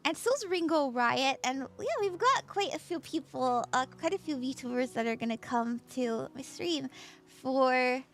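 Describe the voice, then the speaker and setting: A high-pitched woman with lively intonation and a measured pace chats with her livestream audience as a tarot reader. She's just woken up, yet she's bubbly and giggly, greeting people in chat by name.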